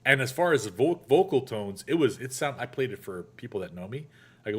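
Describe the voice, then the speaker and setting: A man hosting a casual chat show, telling a story in a lively way and acting out the voices he quotes. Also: mid-range voice, a little fast, breathy edge. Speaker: podcast host.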